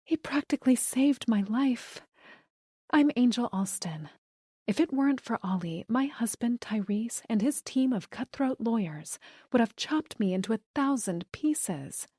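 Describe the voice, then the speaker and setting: A woman's voice: on the high side, expressive, a little slow, a little mellow, husky, no echo, clean studio sound, pitched above the performer's own voice. A woman voicing a glamorous, effusive divorcee. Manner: effusive, breezy.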